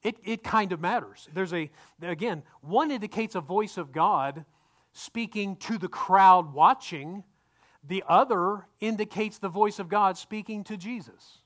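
A man's voice: high-pitched, unhurried, fairly bright tone. A male pastor giving a conversational sermon, often repeating words and asking the congregation questions.

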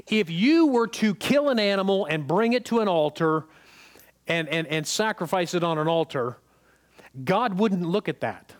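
A man's voice: sits high, expressive, moderate pace. A man preaching a sermon in a conversational way, often checking in with the congregation and repeating words for emphasis.

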